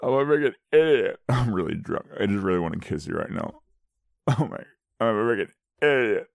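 Guy putting on a clingy drunk dude, slurry and rambly, pitch swinging up and down all over, dry close sound. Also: expressive, brisk, vocal fry, no echo. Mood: drunk sheepish. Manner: slurred, rambling, self-berating. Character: sloppy drunk young man, sheepish and clingy.

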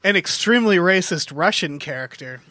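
A man with a notably high voice co-hosts a casual movie podcast. He talks in an animated way and acts out scenes as he retells them. The sound is dry and close to the mic. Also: fairly quick, no room sound. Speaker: podcast co-host. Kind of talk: casual film discussion podcast.

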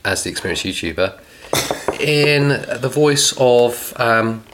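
A man's voice: medium pitch, lively intonation, slow pace. Wry, teasing man over background noise. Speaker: podcast host. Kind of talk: casual chat. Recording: noisy recording.

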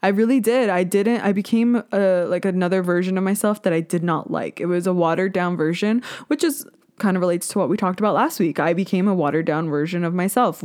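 A young woman talks straight to her listeners in a solo podcast, loose and candid, packing her talk with "like" and "um". She swears freely and jumps into sudden loud bursts of emphasis, then drops back to chatting. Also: lowish voice, fairly quick. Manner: talks to listeners directly, with many "like" and "um" fillers. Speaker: podcast host.

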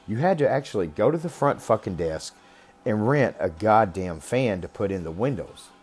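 A man's voice: fairly low pitch, animated, normal speed, a little mellow. A man casually telling a personal story in a blunt, rambling way, swearing constantly. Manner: talks about being raised rough.

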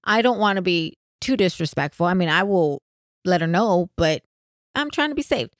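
A woman co-hosting a podcast, telling a story in casual, animated chat and laughing often. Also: fairly low pitch, moderate pace, no echo, studio quality. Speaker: podcast co-host.

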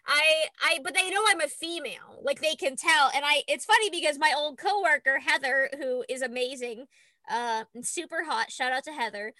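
A woman's voice: high voice, normal speed, no echo, studio quality. A young woman telling stories in a casual chat, acting out voices and laughing often. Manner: animated storytelling, acts out voices, laughs a lot, swears.

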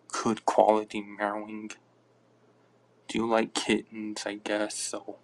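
A man hosting a podcast, chatting casually and offhandedly in a halting, mumbling way. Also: fairly low pitch, monotone, gravelly. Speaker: podcast host. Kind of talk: casual live-stream chatter.

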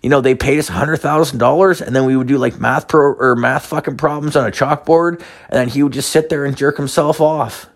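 A man's voice: mid-range voice, fairly even intonation, fairly quick, few pauses, voice pushed up, lightly acted. A man voicing a hired performer who recounts events in a matter-of-fact, reassuring way.

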